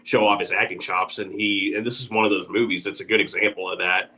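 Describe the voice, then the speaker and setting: A man's voice: sits low, fairly even intonation, fast, pushed and bright, rough recording. A man hosting a podcast in casual chat, hesitant and prone to repeating words. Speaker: podcast host.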